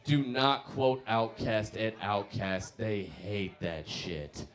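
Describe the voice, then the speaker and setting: A man's voice: lowish voice, animated, slow, fairly bright tone. A man in his mid-twenties doing profane stand-up comedy and working the crowd.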